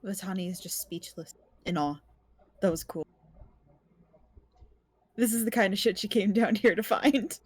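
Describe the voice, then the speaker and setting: A woman playing in a tabletop game, talking in an animated, playful way. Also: medium pitch, measured pace, long pauses, breathy edge. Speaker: player. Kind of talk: casual tabletop game play.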